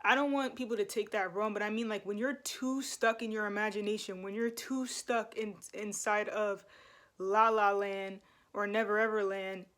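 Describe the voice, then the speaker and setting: A woman's voice: mid-range voice, steady tone, moderate pace, fairly bright tone. A young woman vlogging to camera in a loose, rambling way, full of fillers. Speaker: spiritual vlogger. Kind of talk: casual talk to camera.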